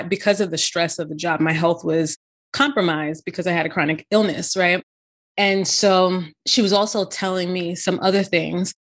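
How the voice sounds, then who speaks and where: A middle-aged woman telling a personal story in casual conversation, full of "you know" and "right?" asides. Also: lowish voice. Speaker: podcast co-host.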